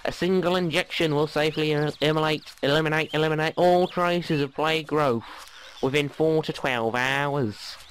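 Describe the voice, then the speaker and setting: Guy doing a silly high professor voice reading a letter, game noise behind. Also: moderate pace, a bit bright, close to an everyday voice, poor audio. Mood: urgent. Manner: reads in a put-on ridiculous accent. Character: male professor writing an urgent letter.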